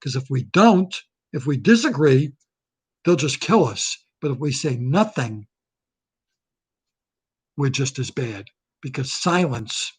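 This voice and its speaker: A man's voice: mid-range voice, slightly rough. A man delivering a satirical political rant to camera, heated and indignant, repeating himself, recorded on a webcam. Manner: heated, repetitive, indignant ranting. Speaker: comedic ranter. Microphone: webcam or laptop camera.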